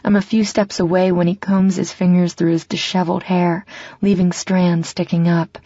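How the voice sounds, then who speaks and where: Woman audiobook narrator, low husky voice, soft intimate read, kinda muffled. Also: level tone, moderate pace, no room sound. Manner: soft, intimate first-person reading. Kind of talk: scripted narration of a romance novel.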